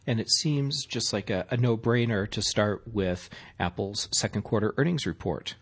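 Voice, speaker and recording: Man, from Missouri, tech podcast co-host, plain newsreader, slightly low. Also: normal speed, slightly rough.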